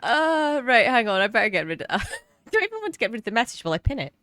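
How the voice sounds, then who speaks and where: Woman cry-laughing, high and lively. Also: very fast, dry recording, studio quality. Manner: helpless giggling, cry-laughing. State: teary from laughing. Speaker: streamer playing an HR rep. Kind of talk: live-streamed roleplay chat.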